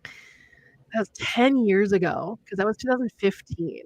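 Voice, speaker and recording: A young woman with a medium-pitched voice speaks a little slowly as she hosts a casual livestream chat. Her storytelling is lively and full of laughter.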